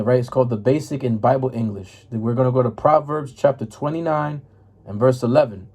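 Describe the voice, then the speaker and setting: A man's voice: mid-range voice, warm tone. A man giving an informal scripture lesson, reading verses and explaining them in a casual, repetitive way, often checking in with "right?" and "man". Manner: casual, repeats "right?" and "man", stumbles while finding verses. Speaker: religious teacher.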